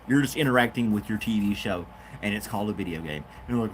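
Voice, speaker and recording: A podcast host with a fairly low voice talks quickly in a casual, off-the-cuff chat on his own show, rambling from topic to topic and speaking to his dog. Slight background noise can be heard.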